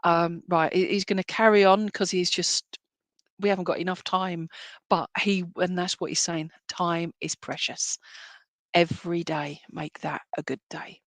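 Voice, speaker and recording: Speaking a little slowly in a fairly low, steady voice, this woman is a medium offering spirit readings during a live-streamed church service. Her manner is warm and reassuring, and she keeps checking "all right?" with her audience. The recording is dry.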